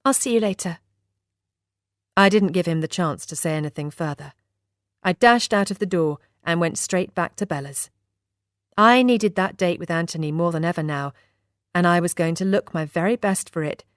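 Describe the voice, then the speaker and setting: A woman's voice: lowish voice, moderate pace, no room sound, studio quality. Woman narrating a novel. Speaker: audiobook narrator. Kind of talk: first-person novel narration.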